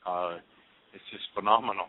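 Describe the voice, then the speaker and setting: A man with a lowish voice rambles enthusiastically. He comes through a tinny phone line. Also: fairly even intonation, moderate pace. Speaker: guest at a spiritual gathering. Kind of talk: casual chat.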